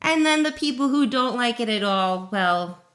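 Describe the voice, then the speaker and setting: A woman's voice: fairly high pitch, animated, normal speed, a bit bright. A woman chatting casually with her partner, in a teasing, affectionate and encouraging way. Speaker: reader's partner, listening in. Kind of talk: casual chat.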